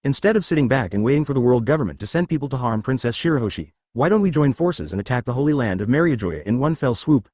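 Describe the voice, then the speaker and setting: A man's voice: medium pitch, animated, fast, hardly any pauses, a little mellow, no room sound, studio quality, lightly acted. A man reading the part of a solemn young revolutionary officer in a fan-fiction audiobook, speaking seriously and urgently.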